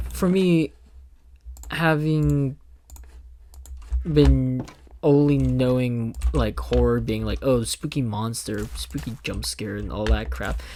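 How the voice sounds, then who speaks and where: A man's voice: mid-range voice, darkish tone, a little hiss or hum. A young man talking casually while playing a survival game, rambling in loose thoughts and swearing when startled. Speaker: gaming video creator. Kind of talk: casual gameplay commentary.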